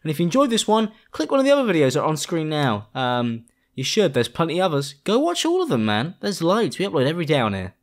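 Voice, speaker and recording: Lively young man ranting. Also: on the high side, fast talker. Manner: expressive, exclaiming, swears freely. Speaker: YouTube reaction host. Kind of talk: casual video reaction commentary.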